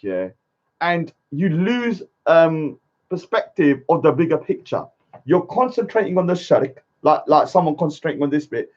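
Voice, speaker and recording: Male streamer, argumentative rant, fairly high voice, muffled lo-fi mic. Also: a little mellow. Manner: argumentative, keeps adding "yeah?" tags. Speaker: livestreamer. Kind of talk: casual livestream rant. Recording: dull lo-fi stream audio.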